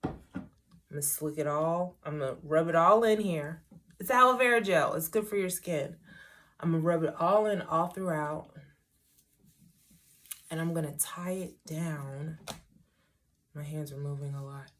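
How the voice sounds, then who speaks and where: A woman's voice: deep voice, unhurried, pauses often, a bit bright, a little hiss or hum. A middle-aged woman talking casually through a hair tutorial, rambling with wry asides to herself. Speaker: hair vlogger.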